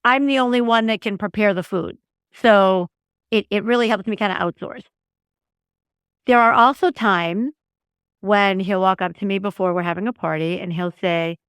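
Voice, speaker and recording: A middle-aged woman hosting a podcast in casual solo talk, animated and repetitive, sometimes acting out her own flustered voice. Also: medium pitch, moderate pace, smooth. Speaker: podcast host.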